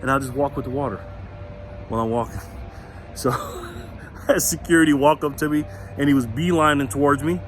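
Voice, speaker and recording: A man with a medium-pitched voice vlogs at a normal speed, pausing often, in a casual storytelling rant. He retells a run-in with laughs along the way, sounding defiant and confrontational, and he says so himself.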